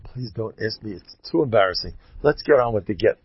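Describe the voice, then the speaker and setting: Scheming older male rabbi, told by a male preacher, smooth-talking, slightly higher voice, lo-fi. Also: expressive, brisk, dry recording. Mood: sly. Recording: dull lo-fi dry recording.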